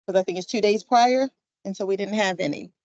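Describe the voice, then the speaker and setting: A woman's voice: mid-range voice, a little fast, darkish tone, dry recording, highs cut off. A woman chairing a commission meeting, calling roll in an informal, upbeat way with plenty of fillers. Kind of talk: running a meeting roll call.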